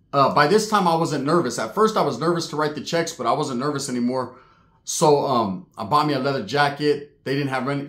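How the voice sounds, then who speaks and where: A man telling a true paranormal story in a casual, streetwise way, swearing freely and getting animated. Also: fairly high pitch. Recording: echoey room.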